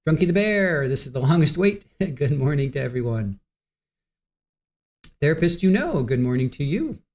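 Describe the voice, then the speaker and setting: A chatty middle-aged man hosts a live online show, reading out viewer names and laughing easily. His voice sits a little high for a man, with a warm, mellow tone. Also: big pitch swings, normal speed. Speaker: livestream host. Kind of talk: casual livestream chat.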